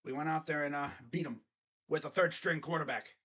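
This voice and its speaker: Young man, high-pitched, animated, rambling, mocking asides, casual sports stream host. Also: a little fast.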